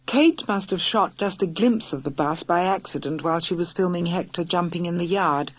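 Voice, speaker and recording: A woman narrating a children's audiobook in a lively, clear storytelling manner. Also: on the low side, normal speed. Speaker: audiobook reader.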